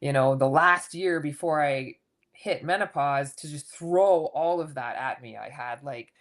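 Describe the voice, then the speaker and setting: A woman in her fifties with a low voice talks openly and casually in a podcast interview. She tells her story in a lively way and acts out the lines of others. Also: measured pace. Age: 50s. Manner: candid, animated storytelling with acted quotes. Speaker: guest coach.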